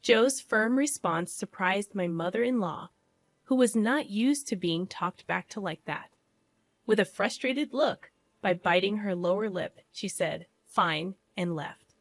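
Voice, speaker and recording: A woman narrating a first-person family story in an even, measured way. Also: medium pitch, dry recording.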